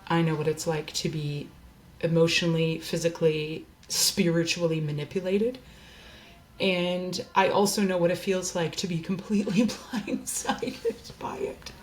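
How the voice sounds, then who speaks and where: A woman's voice: lowish voice, flat delivery, moderate pace. A woman hosting a candid personal monologue from her desk, speaking in an earnest, open and heartfelt way. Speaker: host.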